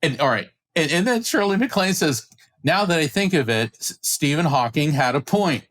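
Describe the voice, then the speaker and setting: A middle-aged man, a guest on an interview podcast, telling a story with excitement and acting out the voices of the people in it. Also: fairly high pitch, normal speed. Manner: acts out quoted voices, excited retelling. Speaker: podcast guest, psychic medium.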